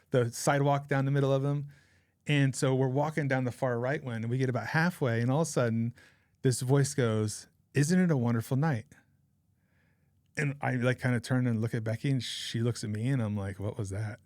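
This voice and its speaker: Male guest, forties, average pitch, loose chatty anecdote delivery, dry recording. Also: dry recording. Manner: rambling, chatty anecdote-telling with frequent laughs. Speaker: podcast guest. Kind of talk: casual storytelling.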